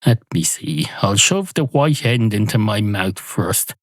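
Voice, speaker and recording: A man's voice: on the low side, sing-song, measured pace, no room sound, studio quality. A man voicing a pushy, indignant male cat who is a regular at a bar. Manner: pushy, aggrieved, swears freely.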